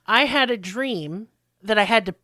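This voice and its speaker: A woman's voice: medium pitch, normal speed, bright, forceful tone, dry recording, clean studio sound. A woman in her twenties co-hosting a podcast, blunt and crude, joking between bits read from notes. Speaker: podcast co-host. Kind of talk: casual podcast chat.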